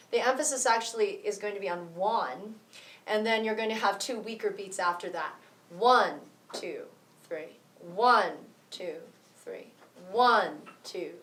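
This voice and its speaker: A woman's voice: fairly high pitch, a bit bright. A woman explaining rhythm in a drum lesson at a cultural center, counting beats aloud in a friendly way. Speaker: music teacher. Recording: roomy echo, mic far off.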